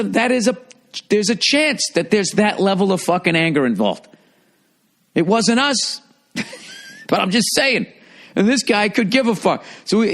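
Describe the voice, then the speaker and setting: Man in his fifties, podcast host, high voice, casual comic storytelling, animated and profane. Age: 50s.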